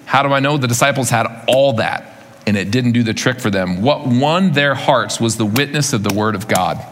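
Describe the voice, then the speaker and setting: Pastor, male, mid-pitched voice, casual storytelling sermon, big church echo. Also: moderate pace, a bit bright. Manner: conversational, rhetorical questions, vivid retelling. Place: church sanctuary. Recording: long reverb of a large hall.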